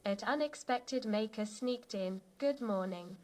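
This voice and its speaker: A synthetic woman's voice reading out viewers' chat messages in a flat, even way. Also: mid-range voice, unhurried. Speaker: text-to-speech chat reader.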